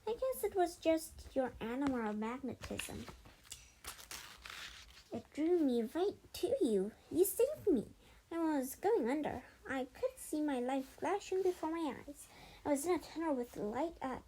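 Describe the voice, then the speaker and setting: A woman's voice: high voice, very animated, measured pace, mellow, pitched above the performer's own voice, rough recording. A woman voicing a clingy, dramatic young schoolgirl who squeals and pleads breathlessly. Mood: gushing.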